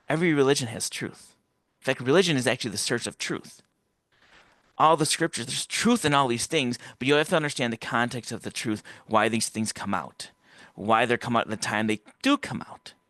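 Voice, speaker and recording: Male interview guest with a bright, forceful voice on a dry close mic; rambles through his story and acts out the voices he quotes. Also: medium pitch, no echo. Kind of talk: casual personal storytelling.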